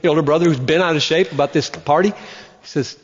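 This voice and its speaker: A man preaching a sermon, slowing down and repeating phrases for emphasis. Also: fairly high pitch. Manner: emphatic, slows down and repeats for stress. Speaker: pastor. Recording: muffled sound in a reverberant hall.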